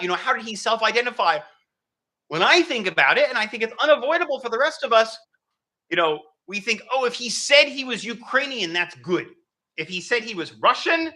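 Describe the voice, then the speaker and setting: A man giving an academic history lecture, animated and thinking aloud with frequent fillers. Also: high-pitched, rough recording.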